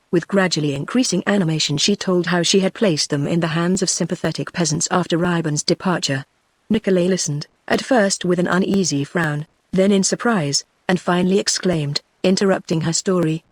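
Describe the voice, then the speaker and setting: A text-to-speech woman's voice with a British English accent, reading a classic novel as audiobook narration in an even, synthetic manner. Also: fairly low pitch, brisk, dry recording. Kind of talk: scripted narration.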